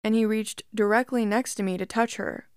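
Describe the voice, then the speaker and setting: A woman reads creepy reddit stories aloud in a steady, measured first-person voice. Her tone is smooth and clear at a middle pitch, recorded close and dry. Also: no room sound. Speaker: story narrator. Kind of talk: scripted narration of reddit horror stories.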